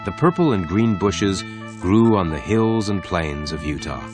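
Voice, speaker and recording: Deep-voiced male story narrator. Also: expressive, over music. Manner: slow, clear reading for learners.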